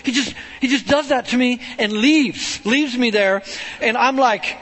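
A man preaching a storytelling sermon in an animated, conversational way, often checking in with "right?". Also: extremely high pitch, a little slow.

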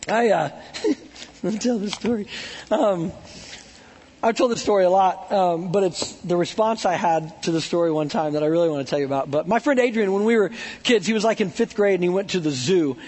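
A male preacher with a high, slightly husky voice gives a loose, joking sermon, dropping "like" and "right?" into nearly every line. His words carry a long reverb tail from the large hall around him. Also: a little fast, darkish tone. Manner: chatty and joking, heavy with "like" and "right?". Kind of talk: casual animated sermon.

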